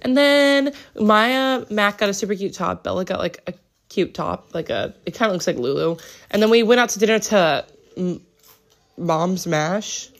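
A woman's voice: medium pitch, lively intonation, normal speed. Rambling, chatty woman. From United States. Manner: chatty, rambling, many "like" fillers. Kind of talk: casual travel vlog chat. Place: hotel room.

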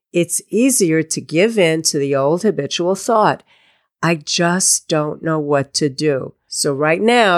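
A woman coaching listeners in a solo podcast, giving blunt tough-love advice and acting out their self-talk. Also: deep voice. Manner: direct, tough-love pep talk with imagined quotes. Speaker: life coach.

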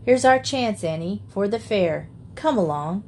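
A woman's voice: mid-range voice, expressive, unhurried, darkish tone, slight background noise. A woman reading the part of a cheerful young man who teases and laughs as he talks, in a storybook reading. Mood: jovial teasing. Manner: jovial, teasing.

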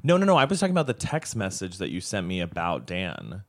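A man co-hosting a casual comedy podcast, explaining a story at a quick clip. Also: low-pitched, huge pitch swings. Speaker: podcast co-host, stand-up comic. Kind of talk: casual chat.

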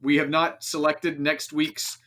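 A man's voice: on the high side, flat delivery, unhurried, a bit bright. Guy hosting a podcast, rambly, lots of likes and ums, just chatting. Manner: rambling, filler-heavy, self-interrupting. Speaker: podcast host. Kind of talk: casual podcast chat.

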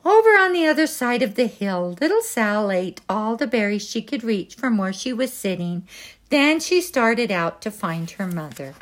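A woman reading a children's picture book aloud in a gentle, expressive way. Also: fairly high pitch, normal speed. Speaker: storybook reader.

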